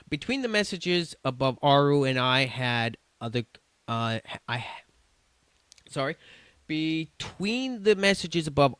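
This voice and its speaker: A man's voice: mid-range voice, a bit bright, clean tone, no echo. A man streaming, reading chat messages aloud in a casual, stumbling way with restarts and swearing.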